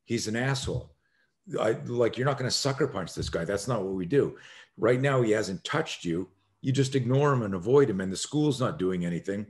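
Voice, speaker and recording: A middle-aged man with a low voice tells a story as a guest on a podcast. He speaks as a self-defense instructor. He acts out the people in his stories, jumping from loud outbursts to hushed asides. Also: lively intonation, fairly quick. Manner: acts out quoted voices, swings loud and soft. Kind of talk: animated storytelling in a podcast interview.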